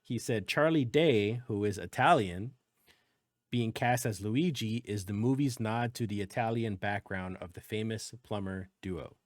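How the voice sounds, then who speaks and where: A man's voice: lowish voice, measured pace, no room sound, studio quality. A man hosting a casual gaming news podcast, rambling and restarting as he talks things through. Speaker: podcast host.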